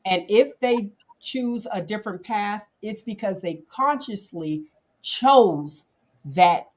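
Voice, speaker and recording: A woman's voice: mid-range voice, expressive, slow, a little mellow, slight background noise. A woman hosting a casual panel talk show, speaking candidly and directly in conversation.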